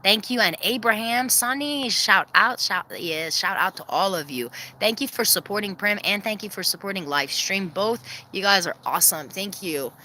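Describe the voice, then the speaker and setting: A woman chatting casually on a livestream from her backyard coop, laughing often, giving viewers shout-outs and calling to her hens. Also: moderate pace, hardly any pauses, slight background noise. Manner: calls to her hens in a very high sing-song voice. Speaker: vlogger hosting a livestream premiere. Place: outdoors in a backyard by the chicken coop.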